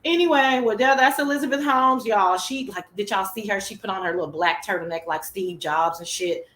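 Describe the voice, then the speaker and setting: A woman's voice: mid-range voice, fairly quick, roomy sound, a little hiss or hum. A woman hosting a casual livestream chat show, sassy and profane, talking straight to her viewers. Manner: sassy, profane, animated, chatty. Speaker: talk show host.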